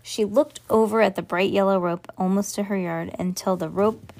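A woman's voice: medium pitch, steady tone, moderate pace, gravelly, darkish tone. A woman reading a children's book aloud, who sometimes slips on a word and fixes it as she goes. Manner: slips and corrects words as she reads. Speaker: reader.

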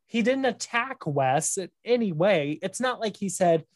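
Opinionated co-host, lots of fillers, dry close mic, mid pitch. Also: a little slow, no echo. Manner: animated, opinionated, many fillers. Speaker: podcast co-host. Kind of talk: casual chat.

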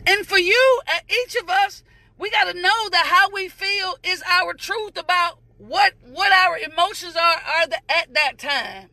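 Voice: very high voice, a little slow, pushed and bright, no room sound. A preacher giving a morning devotional sermon, greeting viewers by name and repeating phrases emphatically in a sing-song cadence.

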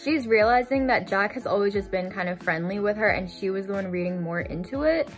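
A woman's voice: medium pitch, lively intonation, brisk, faint music behind. A woman giving a casual, chatty storytime recap of a novel, filling her talk with "like". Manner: chatty, fills with "like". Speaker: book vlogger. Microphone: desk microphone.

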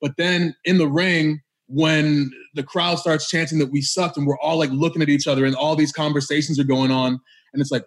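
A man co-hosting a podcast from home, telling stories in an excitable, laughing, casual way. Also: on the high side, moderate pace. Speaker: podcast co-host. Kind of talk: casual chat. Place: home studio.

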